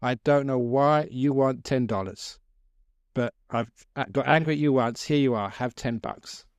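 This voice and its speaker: A man's voice: mid-range voice, unhurried, smooth, no room sound, clean studio sound, natural voice. A man voicing a tired, short-tempered father who snaps at his young son. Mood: apologetic. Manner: snapping, irritable.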